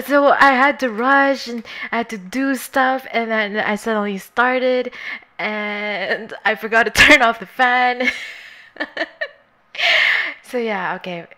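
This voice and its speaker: A bubbly woman chats with her live-stream viewers, often giggling and a little scatterbrained. Her voice sits a touch high, and she now and then softens into a coaxing near-whisper. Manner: bubbly, giggly and scatterbrained, greets chat warmly. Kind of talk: casual live-stream chat.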